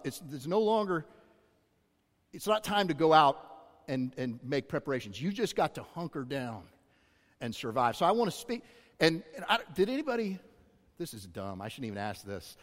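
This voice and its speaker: A man's voice: a little high, sing-song, moderate pace, pauses often. A man preaching a sermon as pastor, speaking conversationally with self-deprecating asides to his congregation. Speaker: executive pastor. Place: church auditorium. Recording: long hall reverb.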